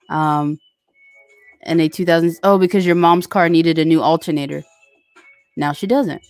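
Her voice is fairly low and a little mellow. She's a livestream host reading chat messages from viewers, keeping things casual and wandering, with filler words throughout.

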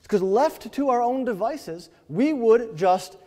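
A man's voice: very high voice, animated, unhurried, a little mellow. A man preaching a sermon as pastor, telling stories in a conversational way that builds to emphatic peaks. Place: church sanctuary. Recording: long church reverb.

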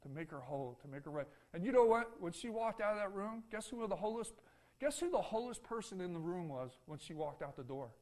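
A man preaching a sermon in a church, folksy and repetitive, swinging between loud calls and soft, hushed lines and asking for an "Amen". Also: high-pitched, animated, brisk. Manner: folksy, repeats phrases, asks the congregation "Amen?". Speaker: pastor.

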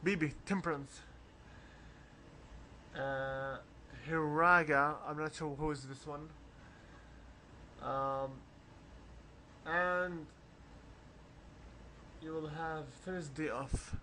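Slow, bright-voiced man narrating a walkthrough. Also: a little high, fairly even intonation, a little hiss or hum. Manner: rambling, coughs often, reads game text aloud. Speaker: let's play host. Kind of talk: casual game walkthrough commentary.

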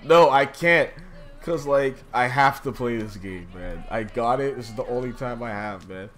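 A young man streaming a game live, chatting casually and breaking into loud, swearing, exasperated outbursts. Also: medium pitch, moderate pace, soft background music. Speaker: gaming livestreamer. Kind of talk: live gameplay commentary.

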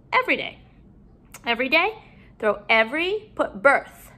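A woman teaching a phonics lesson to young children at home, drawing out each word slowly and clearly. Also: sits high, sing-song. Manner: slow, drawn-out modeling of words, bright sing-song emphasis.

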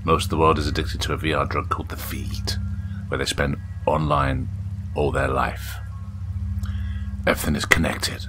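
A man with a very low, deep voice gives casual play-along commentary on indie games, chatting to himself between attempts. He reads the game's story text out loud, trips over words and corrects himself. Music plays clearly underneath. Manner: chatty, reads on-screen text aloud with stumbles. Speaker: game reviewer. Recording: background music clearly audible.

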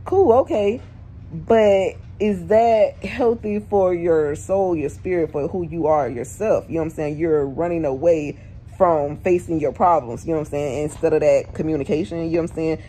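Blunt slangy young woman ranting on her vlog, keeps asking what u thought, soft mellow tone. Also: low voice, moderate pace, a little hiss or hum. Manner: blunt, slangy, fires rhetorical questions. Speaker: vlogger. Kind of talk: casual opinion commentary.

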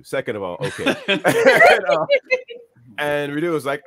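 A man, a voice actor guest, telling a joking, animated anecdote on a panel. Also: mid-range voice, brisk. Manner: animated, joking storyteller, laughing.

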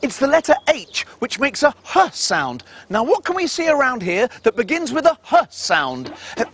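A man presenting a children's TV show, talking to a puppet in an animated, exclaiming way. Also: extremely high pitch, moderate pace.

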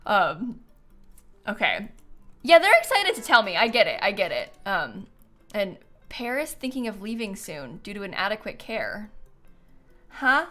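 Lively, bright-voiced young woman streamer. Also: mid-range voice, unhurried, pauses often, soft background music. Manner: chatty and rambling, with many fillers. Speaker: live streamer. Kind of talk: casual gameplay commentary.

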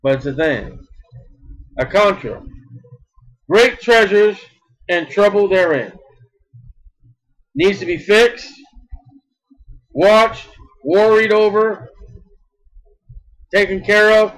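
A man preaching a sermon in an emphatic style, repeating words and swinging between loud bursts and soft asides. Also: high-pitched, slow pace, long pauses, low-quality recording.

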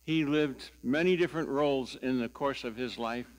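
An older man preaching a sermon as pastor, telling stories slowly and deliberately with a wry sense of humor. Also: medium pitch.

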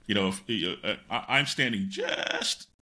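Older male guest, animated anecdote-teller, bright tone, lots of fillers. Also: on the low side, normal speed. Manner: animated, rambling anecdotes with many fillers and self-interruptions. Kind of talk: storytelling in a podcast interview.

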